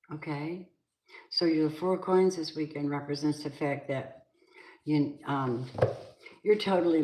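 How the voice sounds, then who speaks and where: Low-voiced woman reading tarot, echoey room. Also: dark tone. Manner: blunt, swearing, flares up into angry venting. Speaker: tarot reader. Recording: echoey room with faint noise.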